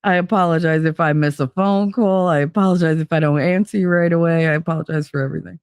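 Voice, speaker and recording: A woman's voice: lowish voice, steady tone, fast, darkish tone, clear, resonant tone, no room sound, clean studio sound. A woman chatting casually on a live stream, talking bluntly and swearing, with frequent laughs. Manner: blunt and profane, laughs often.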